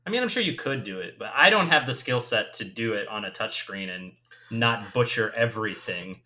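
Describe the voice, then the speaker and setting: A man co-hosting a podcast who drops in quick, chatty interjections. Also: fairly low pitch, lively intonation, bright, forceful tone. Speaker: podcast co-host. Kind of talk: casual podcast chat.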